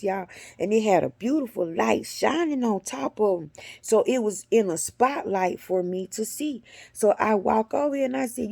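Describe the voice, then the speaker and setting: A middle-aged woman telling a spiritual story to her viewers in a blunt, animated way, cussing freely and sometimes dropping into a whisper. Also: medium pitch, measured pace, creaky, slightly rough, no room sound. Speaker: spiritual vlogger.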